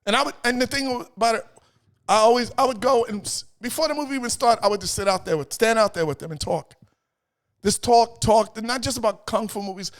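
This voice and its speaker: A middle-aged man, telling stories as an interview guest in an animated way, repeating phrases and acting out voices. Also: high-pitched. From New York. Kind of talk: casual storytelling chat.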